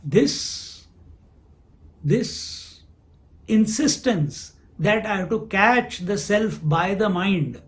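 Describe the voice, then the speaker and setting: Higher-voiced man giving a spiritual discourse. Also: lively intonation. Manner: unhurried, asks questions and answers them himself. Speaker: spiritual teacher.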